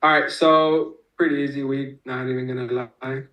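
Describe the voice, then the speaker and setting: Live on stream, a man walks viewers through chart setups and trade entries one step at a time, cursing openly and singling out people in chat. He speaks at a normal speed in a mid-range, flat voice, and the audio has its highs cut off.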